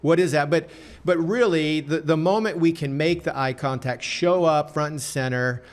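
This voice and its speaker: A man's voice: on the high side, normal speed, clean tone. A man hosting a podcast, chatty and prone to restarting sentences as he tells stories. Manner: chatty, laughs while telling stories, self-interrupting. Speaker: podcast host. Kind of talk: podcast conversation.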